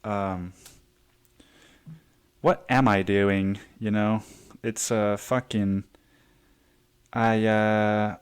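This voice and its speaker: A man's voice: on the low side, clear, resonant tone. A man from Mexico hosting a casual solo podcast, rambling and swearing freely as he tells stories about his day. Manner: rambling, profane, storytelling with quoted voices. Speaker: podcast host.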